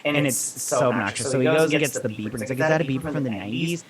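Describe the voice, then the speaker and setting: A man's voice: medium pitch, very fast, few pauses. Male reviewer host, casual run-on recap, sarcastic and annoyed, distant mic in a roomy space with crowd noise behind. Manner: loose, run-on retelling with "he's all like" quotes; openly irritated, mocking. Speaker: show host reviewing an episode.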